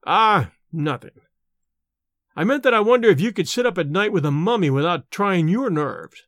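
A man's voice: high voice, lively intonation, moderate pace, a bit bright, no room sound, clean studio sound. A man reading an audiobook and voicing a shaken, secretive male scholar who speaks in a faltering, breathless way. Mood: evasive. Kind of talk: audiobook character voice.

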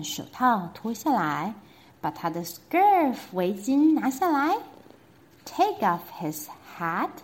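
A woman storyteller reading a children's picture book aloud in two languages, with a sing-song, animated delivery and asides to the kids. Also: medium pitch.

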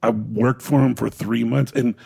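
A man's voice: medium pitch, steady tone, normal speed, vocal fry, mellow, slightly rough. A middle-aged man, a guest, telling laid-back, rambling stories about his years as a touring crew member, full of "you know" and "like". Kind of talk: casual storytelling on a podcast.

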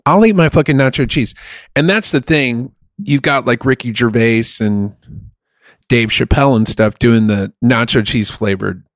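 A man's voice: mid-range voice, normal speed, dry recording. A man co-hosting a podcast, chatting casually and bluntly, swearing often as he rants. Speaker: podcast co-host. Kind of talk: casual profane chat.

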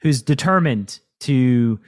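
A man with a mid-range voice speaks slowly but animatedly as he hosts a casual podcast interview. His tone is reflective and coaching, and he keeps checking in with "right?".

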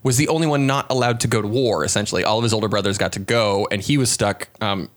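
A man's voice: on the low side, quick pace. A man casually retelling a Bible story on a podcast, rambling and acting out the quotes in goofy voices. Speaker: podcast co-host.

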